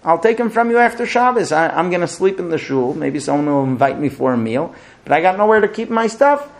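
A man's voice: sits high, lively intonation, a little fast. A man voicing a stranded male traveler who insists he handed over his wallet. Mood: worried.

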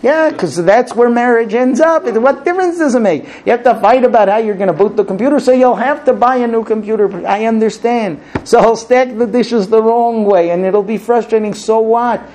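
A rabbi lecturing on marriage, acting out bickering spouses and quoting Hebrew phrases before translating them. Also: male voice, extremely high pitch, brisk, few pauses, a little hiss or hum. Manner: animated, acts out squabbling spouses in quoted dialogue. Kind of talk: spoken lecture.

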